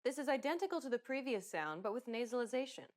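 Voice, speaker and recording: A woman narrating a scripted pronunciation lesson in a clear, upbeat, explanatory way. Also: on the high side, big pitch swings, fast, darkish tone. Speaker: pronunciation instructor.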